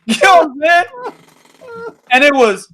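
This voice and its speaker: A man hosting a boxing podcast, ranting in a loose, profane, animated way. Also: very high voice, a little slow. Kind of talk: casual podcast chat.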